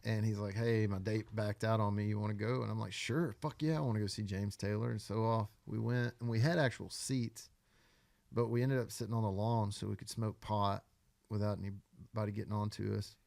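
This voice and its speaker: Gravelly man telling stories. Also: on the low side, steady tone, brisk, a little mellow, no echo. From Arkansas. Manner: loose, profane, rambling storyteller. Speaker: guest songwriter. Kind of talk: casual podcast storytelling.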